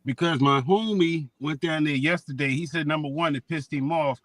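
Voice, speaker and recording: Guy telling a slangy story on a radio show, slightly high voice, dry close sound. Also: moderate pace, a bit bright, no echo. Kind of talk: casual chat.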